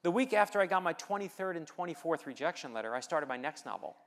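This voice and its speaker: A middle-aged American man with a voice on the high side talks fast and expressively. The keynote speaker and novelist delivers a motivational speech, telling personal stories with light humor and rousing the audience.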